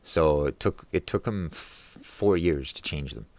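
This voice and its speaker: A man's voice: rumbling low, unhurried, vocal fry, darkish tone, no room sound. A man vlogging from his room at home in a casual, angry, profanity-laden rant. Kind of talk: casual ranting monologue.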